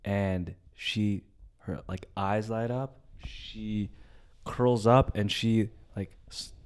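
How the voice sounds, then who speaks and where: Young male podcast co-host, low voice, swearing, big swings between loud and hushed storytelling. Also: fairly even intonation, extremely slow, clean tone. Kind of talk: casual comedic storytelling.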